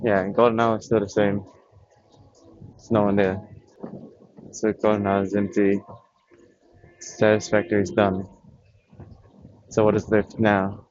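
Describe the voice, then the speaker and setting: A man talking casually about video games while catching his breath, rambling and thinking aloud with pauses. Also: fairly low pitch, completely flat delivery, a little mellow, muffled recording. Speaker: vlogger.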